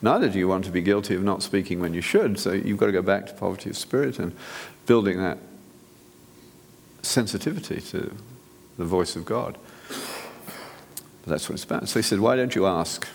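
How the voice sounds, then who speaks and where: A man's voice: low-pitched, expressive, a little fast, gravelly, long reverb tail, slight background noise. A man, a physician, giving an earnest, direct sermon-style talk to an audience, often restarting his sentences. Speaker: physician speaker.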